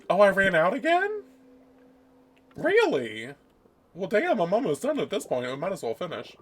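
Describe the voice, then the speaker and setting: A man's voice: sits high, huge pitch swings, normal speed, pauses often, fairly bright tone, soft background music. A man streaming a game, chatting casually, gushing and self-mocking. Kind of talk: casual gaming commentary.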